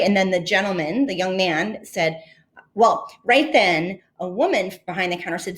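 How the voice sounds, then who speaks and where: A woman's voice: fairly low pitch, lively intonation, moderate pace, a bit bright. A woman podcast host and leadership coach telling a personal story in an earnest, reflective way, with fillers and restarts.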